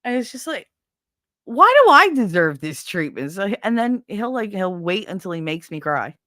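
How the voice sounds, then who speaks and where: A woman's voice: mid-range voice, sing-song, normal speed, pushed and bright, dry recording, clean studio sound. A middle-aged woman hosting a casual livestream, venting bluntly and profanely about her kids and household chores. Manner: blunt, profane, exasperated ranting. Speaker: livestream host.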